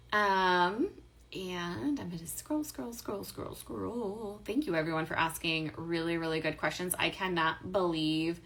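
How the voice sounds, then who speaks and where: A woman's voice: on the low side, bright, forceful tone. A woman hosting a live stream, reading viewer questions and answering them in a chatty, upbeat way with many fillers and self-corrections. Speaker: host of a live stream on affiliate marketing.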